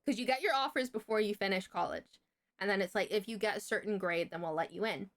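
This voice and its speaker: A woman's voice: mid-range voice, fast talker. Swearing, chatty woman streamer. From Britain. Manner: chatty and profane, swears freely. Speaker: livestreamer. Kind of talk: casual storytelling to a live chat.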